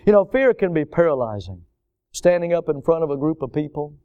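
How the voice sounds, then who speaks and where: A male preacher delivering a sermon in a smooth, resonant voice pitched a bit above most men's. He is emphatic and keeps repeating words to press his points home. The recording is dry and somewhat dull and lo-fi. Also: very animated, a little fast.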